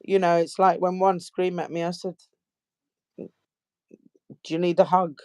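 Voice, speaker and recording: A woman's voice: fairly low pitch, flat delivery, unhurried, a little mellow, clear, resonant tone, dry recording. Older woman telling her story. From United Kingdom. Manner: anecdotal, acts out quotes, ends with "you know?". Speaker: guest. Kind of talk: casual storytelling in an interview.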